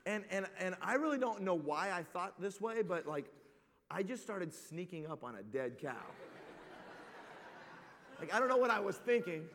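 High-voiced man preaching in a big hall. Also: normal speed, long pauses. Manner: animated, rambling, filler "like". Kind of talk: comic storytelling sermon.

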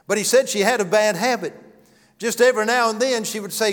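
A man preaching a sermon and telling stories, earnest, swinging from loud to hushed. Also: high-pitched, a little fast. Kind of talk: sermon with storytelling. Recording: long hall reverb.

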